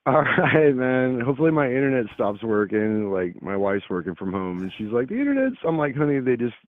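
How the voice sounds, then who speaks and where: A laid-back man calling in to a live show, rambling on in an easygoing way. His voice comes through a tinny phone line that sounds dry and close. He speaks at a middle pitch. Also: normal speed, dry recording. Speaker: caller. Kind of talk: casual call-in chat.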